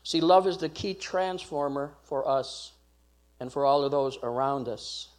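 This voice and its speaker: A man's voice: medium pitch, measured pace. A man preaching a sermon as pastor, emphatic and repetitive.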